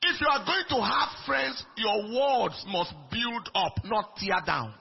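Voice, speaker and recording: A man preaching a sermon in an emphatic way, swinging between soft lines and shouted ones. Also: high-pitched, lively intonation, slow, faint music behind. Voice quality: raspy, gravelly. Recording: dull lo-fi recording.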